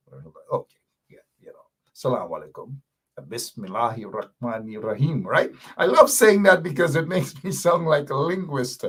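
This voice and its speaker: Male talk host, slightly husky, playful and teasing with his audience. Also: medium pitch, fairly bright tone. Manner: playful, teasing viewers while reading comments. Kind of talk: live call-in talk show chat.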